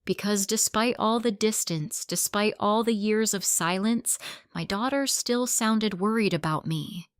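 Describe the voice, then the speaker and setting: A woman reading a first-person family drama story aloud in a measured, emotional storytelling manner. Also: mid-range voice, clear, resonant tone, no echo, clean studio sound.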